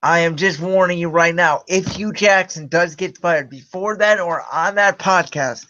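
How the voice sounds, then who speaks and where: A man's voice: high-pitched, normal speed, bright, forceful tone, dull audio. A man hosting a casual sports podcast, giving emphatic opinions and announcements. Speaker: podcast host.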